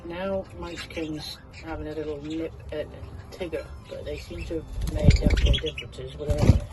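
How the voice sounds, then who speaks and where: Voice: mid-range voice, fairly even intonation, moderate pace, music in the background. A bird keeper chatting casually in a vlog, coaxing the budgies in a fond baby-talk tone. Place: outdoor aviary on a windy day. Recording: loud wind noise outdoors. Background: budgies chirping.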